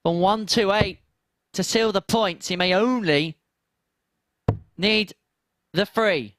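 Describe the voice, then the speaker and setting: Higher-voiced male darts commentator, dry sound. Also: slow, fairly bright tone, no echo. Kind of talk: live sports commentary.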